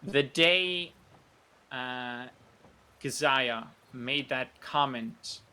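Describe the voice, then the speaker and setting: A man's voice: mid-range voice, very slow, sharp tone, clean tone. A man talking in character during a role-play game, hesitant and full of fillers and restarts.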